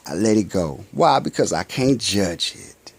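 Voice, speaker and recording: A spiritual vlogger delivers a casual monologue in loose slang, asking himself rhetorical questions and answering them while swinging between loud bursts and quiet mutters. His intonation is lively, his pace a little slow, and his voice slightly rough with vocal fry.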